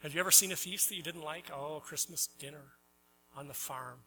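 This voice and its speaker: A middle-aged male pastor with a high, very bright, cutting voice preaching a sermon in church. He tells stories and acts out the characters, asks the congregation questions, and swings from loud emphatic lines to soft, hushed ones. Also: a little fast, faint music behind, rough recording.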